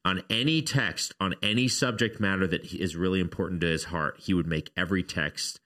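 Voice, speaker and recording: A man's voice: deep voice, brisk, sharp tone. A man co-hosting a casual faith discussion, arguing his point in an earnest, reflective way.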